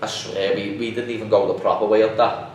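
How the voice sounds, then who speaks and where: A man's voice: lowish voice, fairly quick. A young man, chatting casually as a podcast guest and telling stories animatedly, acting out what people said. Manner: animated storytelling, acts out quotes. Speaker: podcast guest, MMA fighter. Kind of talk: casual chat. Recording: echoey room, distant mic, faint noise.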